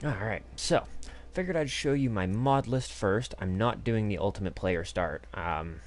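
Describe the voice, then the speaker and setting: A man with a very low voice hosts a game live stream with loose, casual commentary. He talks crudely, swears freely and rambles through plenty of ums and uhs. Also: expressive, moderate pace. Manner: crude and profane, loose rambling with many fillers. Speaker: gaming streamer.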